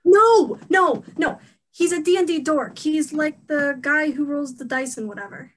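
A woman's voice: sits high, normal speed, fairly bright tone, low-quality recording. A young woman playing a protective, blunt teenage girl on stage, scolding sharply. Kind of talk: stage play acting.

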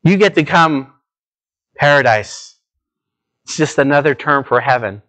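A man preaching a sermon as pastor, talking straight to his listeners and moving between low, slow emphasis and raised, urgent appeals. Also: lively intonation, a bit bright. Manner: earnest, direct address to listeners.

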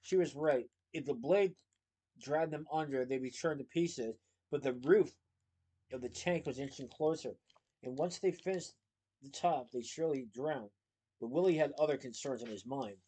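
A man reading a children's novel aloud with steady, expressive narration. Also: mid-range voice, normal speed, slightly rough, rough recording. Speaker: storybook reader.

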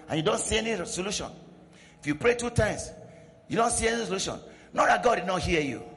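A man's voice: high voice, fairly bright tone. A man preaching a sermon as pastor, building in intensity with pidgin asides. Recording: long hall reverb.

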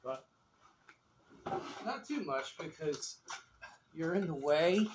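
A man vlogs on his phone while doing yard work outdoors in a windy neighborhood yard, chatting casually and laughing often. His voice is on the high side and animated, but he takes it slowly with long pauses, and the audio is very noisy.

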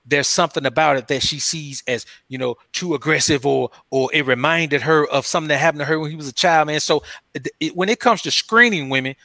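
Brief: male interview guest, loose slangy storyteller, fairly high bright voice. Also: a little fast, dry recording, clean studio sound. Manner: loose, slangy storytelling, says "man" constantly. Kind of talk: casual interview talk.

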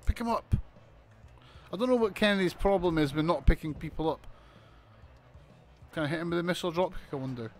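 A man commentating on a wrestling video game as he plays, excitable, swearing and shouting in disbelief. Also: fairly high pitch, fairly quick, long pauses. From United Kingdom. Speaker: gaming commentator.

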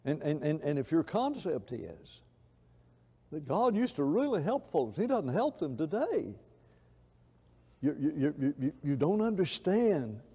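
Male preacher, fairly high voice, impassioned sermon delivery, long church reverb. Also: sing-song, unhurried, dark tone, breathy edge. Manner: impassioned, with repeated words and restarts. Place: church sanctuary. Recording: echoey church hall.

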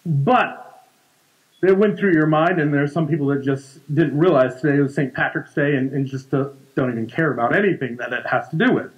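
A man's voice: a little high, a little fast, dull audio. A man in his forties preaching a conversational sermon in a church, often repeating words and restarting sentences. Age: 40s. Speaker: pastor.

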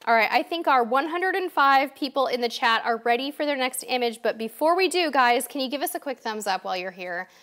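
Vrolijke vrouw die een livestream leidt. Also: female voice, high voice, lively intonation, a little fast, few pauses, fairly bright tone. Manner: chatty, upbeat, addresses viewers directly. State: tired. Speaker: livestream host. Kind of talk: casual live-stream chat.

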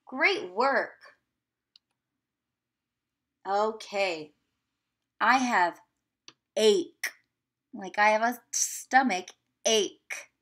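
A woman teacher giving a remote video lesson to young children, sounding out words slowly and encouraging them. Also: medium pitch.

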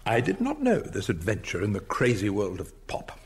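An actor playing a vain, eccentric museum curator in a radio sitcom, talking in a pompous, theatrical way. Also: male voice, on the low side, wildly swooping pitch, normal speed, husky, full character voice. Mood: grandiose.

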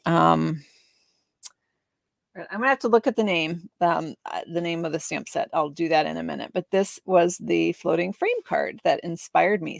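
A woman leads a relaxed craft tutorial, chatty and upbeat. Her voice sits fairly low with a gravelly edge, and the sound is close and dry. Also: no room sound. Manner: chatty and upbeat, with frequent laughs. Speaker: craft demonstrator. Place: home craft room under a ring light.

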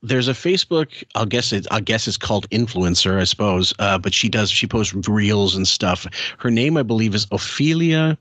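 A man's voice: lowish voice, lively intonation, moderate pace, fairly bright tone, dry recording. A man hosting a casual podcast, talking in a rambling, wry way with the odd chuckle into a close mic. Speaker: podcast host.

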